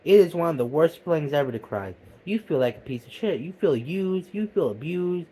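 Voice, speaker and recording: A man's voice: expressive, fairly quick, husky. Profane ranting man with a raised voice. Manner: profane, heated, swinging between loud outbursts and low mutters. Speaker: vlogger. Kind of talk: comedic ranting monologue.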